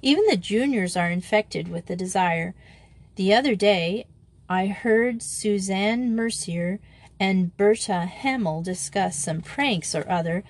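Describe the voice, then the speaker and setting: A woman voicing a young headmistress who speaks in a brisk, decided way. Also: medium pitch.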